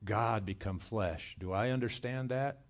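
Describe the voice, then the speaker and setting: Slow, earnest low-voiced male preacher. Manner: slow, earnest delivery with scripture read aloud and dramatic quoted cries. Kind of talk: sermon. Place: church sanctuary.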